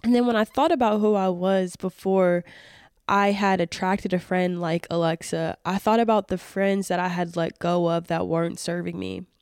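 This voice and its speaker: A woman's voice: lowish voice, fairly even intonation, moderate pace, a little mellow, smooth, no room sound, clean studio sound. A woman, hosting a solo podcast and speaking earnestly and emotionally, with lots of fillers and restarts. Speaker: podcast host.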